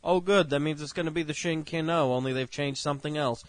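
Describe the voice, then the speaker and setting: Cussing guy co-hosting a review chat, kinda high voice, dry close sound, rants a lot. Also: fast talker, no echo. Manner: profane, ranting, loud outbursts. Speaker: co-host.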